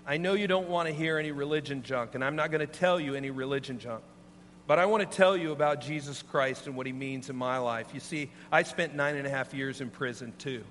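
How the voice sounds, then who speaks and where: A calm, earnest ex-convict speaking plainly and a little lower as a preacher puts him on. The voice rings with long hall reverb over a faint hum. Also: male voice, brisk, close to an everyday voice. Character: steady middle-aged male ex-convict preacher.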